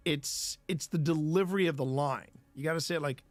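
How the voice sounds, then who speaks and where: A man's voice: fairly high pitch, brisk, no room sound. Chatty man hosting a live stream. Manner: rambling, self-interrupting, playful banter with chat. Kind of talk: casual live stream chat.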